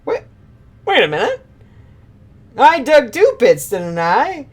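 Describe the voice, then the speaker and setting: A woman's voice: on the high side, huge pitch swings, takes it slowly, pitched above the performer's own voice, exaggerated voice. A woman voicing a boastful, scheming male octopus villain in a game, taunting theatrically. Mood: gloating.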